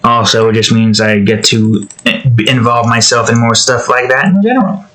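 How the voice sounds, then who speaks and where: A young man talks casually into a desk mic while drawing, his voice bright and forward. He rambles from one thought to the next, cracks silly jokes, and cuts himself off mid-sentence. Every so often he breaks into a few off-key lines of song before going back to chatting. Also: mid-range voice, moderate pace, poor audio. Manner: rambling, joking, self-interrupting, sings snatches off-key. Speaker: art streamer.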